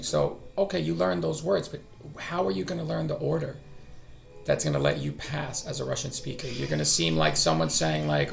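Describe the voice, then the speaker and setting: A man's voice: fairly high pitch, moderate pace, gravelly, faint music behind. A middle-aged man hosting a language-learning stream, talking casually and thinking aloud, often trailing off and restarting. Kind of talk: casual live-stream talk.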